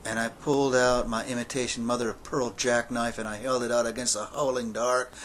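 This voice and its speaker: A man in his fifties telling a personal story aloud, dropping to a near-whisper and rising to yells as it builds. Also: mid-range voice, flat delivery, brisk, slight background noise. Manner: dramatic, swings from hushed near-whisper to yelling. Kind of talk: spoken-word storytelling.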